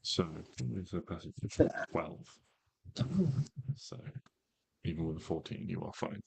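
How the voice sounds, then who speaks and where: Acting as game master for a tabletop game, a man with a very low, deep, gravelly voice narrates in a measured way, pausing often and filling the gaps with ums. His tone is darkish, and a faint hiss or hum sits in the background.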